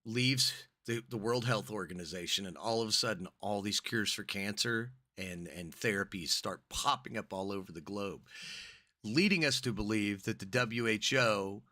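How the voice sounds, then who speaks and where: A man co-hosting a podcast, rambling and animated as he chats casually. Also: lowish voice, normal speed, no room sound, clean studio sound. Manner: rambling, animated, self-interrupting. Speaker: podcast co-host.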